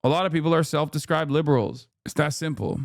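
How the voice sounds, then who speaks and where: Fast-paced and creaky, with a fairly high, steady voice, a man hosting a live stream rants about politics. He curses heavily and drips exasperated sarcasm, mimicking others in mocking tones.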